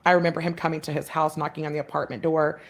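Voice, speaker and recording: A woman's voice: sits low, flat delivery, very fast. A woman in her thirties, a podcast guest, telling a heartfelt personal story with many fillers and restarts.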